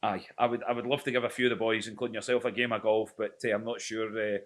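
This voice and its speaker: A man's voice: fairly low pitch, level tone, quick pace. A man interviewing a football player in a jokey, chatty, teasing way. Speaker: club media interviewer. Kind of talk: casual interview chat.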